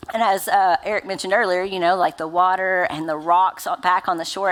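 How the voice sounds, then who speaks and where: A woman's voice: mid-range voice, a bit bright. A woman pastor in her thirties preaching a sermon in a chatty, conversational way, full of filler words. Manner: conversational, uses many fillers like "like" and "right?".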